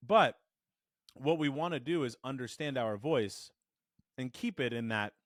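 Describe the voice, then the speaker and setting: A man teaching a voice lesson to camera, animated and demonstrative, shifting his resonance to show the difference. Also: mid-range voice, measured pace, no room sound, clean studio sound. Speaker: voice coach. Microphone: studio microphone.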